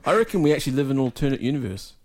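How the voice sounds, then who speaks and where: A man's voice: medium pitch, very animated, racing, darkish tone. A man co-hosting a podcast, chatting casually, rambling with jokes and swearing freely. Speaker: podcast co-host. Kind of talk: casual chat.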